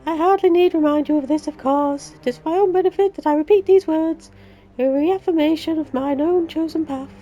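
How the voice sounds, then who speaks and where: A Yorkshire woman putting on a higher voice to read a grieving young woman leader's lines in a mock-solemn way. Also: brisk, mellow, lo-fi sound, soft background music. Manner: mock-solemn, archaic-sounding reading.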